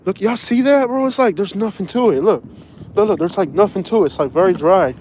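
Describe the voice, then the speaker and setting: A man's voice: high voice, lively intonation, a little fast, a little mellow. A man from Florida with a Southern accent, rambling in slangy street talk while walking outside in the snow, recorded on a handheld phone. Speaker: vlogger. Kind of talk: casual walking vlog. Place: outdoors on a snowy windy street. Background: traffic and outdoor ambience.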